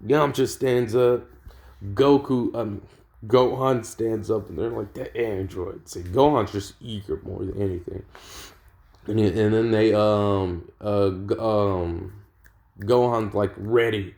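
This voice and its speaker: A man's voice: on the low side, fairly even intonation, slow, darkish tone. Laid-back, slangy young man storyteller. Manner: laid-back, slangy, swears, trails off with ums. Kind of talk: casual fan-story narration.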